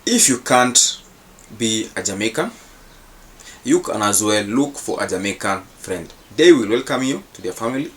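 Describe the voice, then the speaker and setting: A man's voice: on the low side, lively intonation, moderate pace, fairly bright tone. A man hosting his channel, giving casual reaction commentary in formal, repetitive phrasing. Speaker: channel host.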